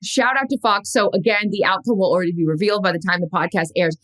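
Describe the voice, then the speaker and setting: A woman's voice: mid-range voice, fast talker. Woman, podcast co-host, casual sports chat, eager and talkative, mid-range voice. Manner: excitable, chatty.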